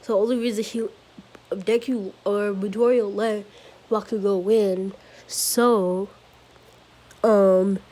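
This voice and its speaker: A woman's voice: mid-range voice, steady tone, slow pace, long pauses, mellow. A woman improvising a fan-fiction story, rambling and correcting herself as she goes, with fillers and small giggles.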